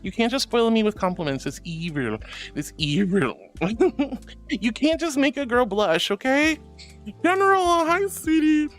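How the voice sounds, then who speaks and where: A young woman chats on a live stream, reading out viewer messages and calling people sweetie and darling. Her pitch swoops up and down constantly. Faint music plays under her voice. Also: big pitch swings, a little slow. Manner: affectionate, giggly, calls viewers sweetie and darling. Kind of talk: casual stream chat.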